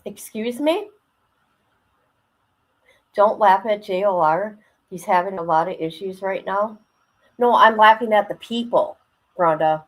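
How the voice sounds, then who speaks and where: A woman hosts a casual livestream, chatting colloquially, reading viewer comments aloud and laughing often. Her voice is mid-range at normal speed, and the recording quality is low.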